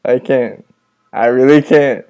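A man talks into a headset from his room at night as he reacts to a horror game. His voice is mellow and rounded, sitting at an average pitch. He sounds jumpy and nervous, swears a lot, and keeps talking to the friend he is playing with. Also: slow. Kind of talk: casual gaming commentary. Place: room at home with the lights on, at night.

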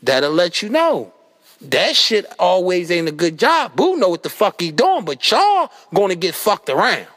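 A man delivering a profane, exasperated comedic rant that swings into yelling. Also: high voice, unhurried. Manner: animated, exasperated, swearing constantly, breaks into yelling. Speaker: comedic rapper doing an outro skit.

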